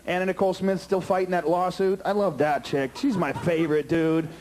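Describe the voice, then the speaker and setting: Shouting profane stand-up comedian. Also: male voice, high voice, fairly even intonation. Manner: shouting, profane, rapid punchlines. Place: comedy club stage. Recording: live club crowd laughing.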